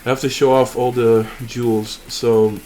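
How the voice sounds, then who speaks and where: A man's voice: mid-range voice, little pitch movement, moderate pace, warm tone, faint music behind. A young man hosting a mobile game channel, chatting casually and rambling with fillers and restarts over his gameplay.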